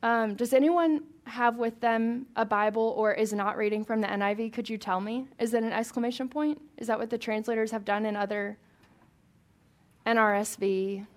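A woman's voice: a little high, fairly even intonation, moderate pace. A woman leading a Bible study for a small group, reading scripture aloud and chatting with questions to the room.

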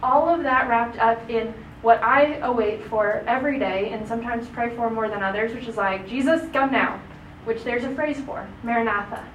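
A woman's voice: a little high, normal speed, few pauses, a bit bright, slight background noise. A woman teaching a casual Bible class, chatty, often asking "right?". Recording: echoey room recorded from a distance.

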